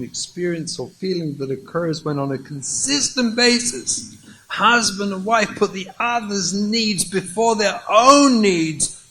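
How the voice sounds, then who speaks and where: A man's voice: on the high side, bright, forceful tone, slight background noise, low-quality recording. A man, a rabbi, giving a lecture and acting out stories, emphatic and repeating key points.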